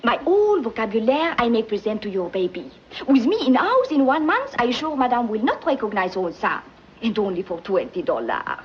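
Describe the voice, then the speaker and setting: A coquettish French maid. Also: female voice, on the high side, sing-song, a little fast, breathy edge. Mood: charming. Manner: coquettish, sprinkles French words, broken English. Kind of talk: 1940s film acting. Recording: dull old film soundtrack, faint hiss.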